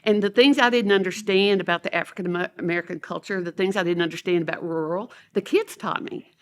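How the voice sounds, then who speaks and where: A woman, an educator and podcast guest, telling stories with lively energy, laughing often and acting out what people said. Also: on the low side, fast talker. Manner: animated, laughing storyteller who acts out quotes. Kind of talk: storytelling in a podcast interview.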